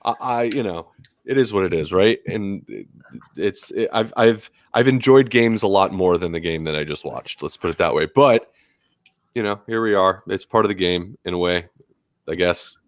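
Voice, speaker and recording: A man's voice: low-pitched, normal speed, no room sound, clean studio sound. A man on a football podcast, talking hesitantly in a resigned way. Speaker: podcast co-host. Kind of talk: casual podcast chat.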